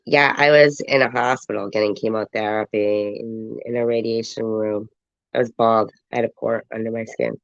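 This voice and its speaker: A woman's voice: extremely low pitch, fairly even intonation, moderate pace, vocal fry, no echo, muffled recording. A woman with a stuffy, congested voice giving sarcastic, mocking live reaction commentary. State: congested from a cold.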